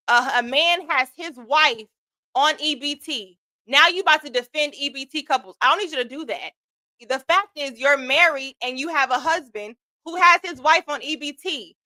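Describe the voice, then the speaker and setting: A woman's voice: high voice, pushed and bright, no room sound. A woman hosting a livestream, ranting bluntly and argumentatively with heavy profanity. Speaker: host. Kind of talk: heated livestream rant.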